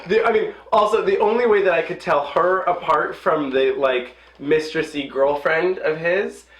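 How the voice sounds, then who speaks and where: A woman's voice: low voice, normal speed. A young woman co-hosting a movie review, congested and nasal, with a dry, agreeable manner. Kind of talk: casual chat. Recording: roomy echo.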